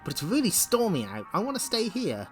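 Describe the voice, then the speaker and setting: Igor is a grumbling comic-book servant, done by a man reading aloud. His voice is pitched well up and lively, and he whines about his chores. It bounces around a lot. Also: a little fast, soft background music. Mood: whining. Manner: whiny, complaining. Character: high-pitched hapless male servant Igor, whiny.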